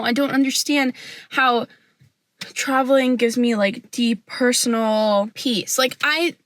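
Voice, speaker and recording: Young woman, sassy rant, animated, filler-heavy, fairly high voice, dry close sound. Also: dry recording. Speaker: vlogger. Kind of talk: casual opinion rant to camera.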